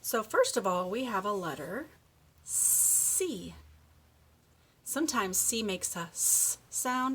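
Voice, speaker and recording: A woman giving a children's speech lesson, reading a picture book aloud and slowly modeling words for a young child to repeat. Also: medium pitch, big pitch swings, fairly bright tone, a little hiss or hum. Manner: slow, encouraging, exaggerates word sounds for a child. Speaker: speech therapist.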